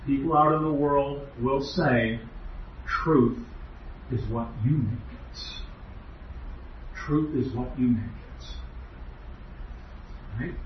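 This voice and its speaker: A man's voice: mid-range voice, a little hiss or hum. A man giving an earnest, emphatic doctrinal lecture as a preacher, with rhetorical questions. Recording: echoey hall, distant, muffled.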